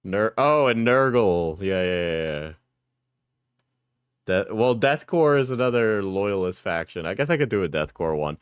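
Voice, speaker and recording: Male streamer, unhurried, jokey, laughs a lot, smooth clear voice, dry close sound. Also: fairly low pitch, expressive, no echo. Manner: joking, laughs often. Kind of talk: live stream reaction chat.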